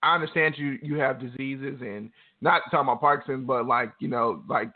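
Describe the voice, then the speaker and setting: A man's voice: medium pitch, steady tone, a little fast, phone-quality sound. A man co-hosting a casual podcast, rambling candidly with a lot of profanity. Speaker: podcast co-host.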